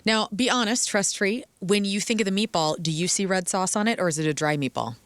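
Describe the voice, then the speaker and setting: A woman co-hosting a comedy radio show, talking in playful, animated banter. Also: mid-range voice, a little fast, no room sound.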